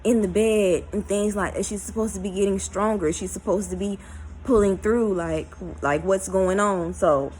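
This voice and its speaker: A woman tells a personal story in a vlog, emotional and halting, with many fillers. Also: medium pitch, a little mellow, a little hiss or hum, rough recording. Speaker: vlogger.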